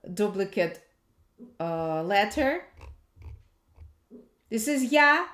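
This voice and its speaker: Very slow-speaking woman teaching pronunciation. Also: medium pitch, fairly bright tone. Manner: patient, repeats sounds slowly to demonstrate. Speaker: language teacher. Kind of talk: slow alphabet lesson. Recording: echoey room.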